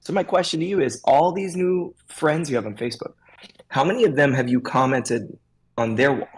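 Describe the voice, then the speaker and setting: A man's voice: a little high, fairly quick, slightly rough, rough recording. A man speaking as the guest expert on a podcast chat, coaching stylists in an emphatic way and acting out little scenes. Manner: acts out little scenes in different voices.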